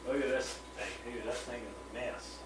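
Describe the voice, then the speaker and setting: A man's voice: mid-range voice, normal speed, background noise. A man hosting a casual live stream from his fish room, chatting freely, greeting viewers by name and stumbling over words now and then. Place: home fish room with aquariums.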